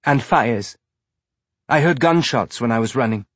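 A man's voice: medium pitch, animated, measured pace, slightly rough, no echo. A man voicing a frightened, earnest young woman explorer who talks in an urgent, breathless way.

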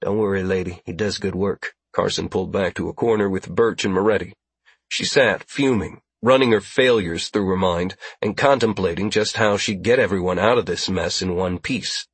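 Brief: male narrator, low-pitched, husky, steady scripted narration, dry close mic. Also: normal speed, no echo. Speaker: audiobook narrator.

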